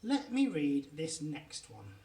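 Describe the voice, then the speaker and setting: A man reading aloud, voicing a curious young girl in a plain, unhurried way. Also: fairly high pitch, wildly swooping pitch, warm tone, echoey room, distant mic, exaggerated voice.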